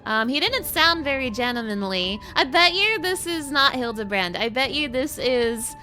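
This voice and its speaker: Bright, giggly woman streamer. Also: high-pitched, very animated, a little slow, soft background music. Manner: giggly, chatty, talks to chat. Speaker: game streamer. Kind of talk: casual game livestream chat.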